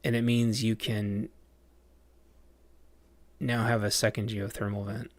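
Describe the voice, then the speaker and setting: A man's voice: fairly low pitch, level tone, slow pace, no echo. A man casually chatting on a livestream while playing a game, rambling with lots of fillers and restarts. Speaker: game streamer.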